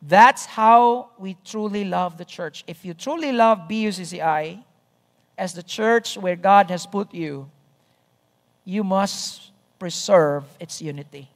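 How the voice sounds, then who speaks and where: In a big church sanctuary whose long reverb carries his medium-pitched voice, a pastor preaches at an unhurried, measured pace. He repeats key phrases for emphasis and keeps checking in with the congregation.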